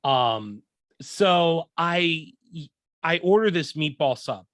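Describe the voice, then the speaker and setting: Young guy ranting on a podcast, bright voice, lots of swearing, super dry close mic. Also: a little high, takes it slowly, dry recording. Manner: profane, animated, acts out quoted lines. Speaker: podcast host. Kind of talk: casual storytelling rant.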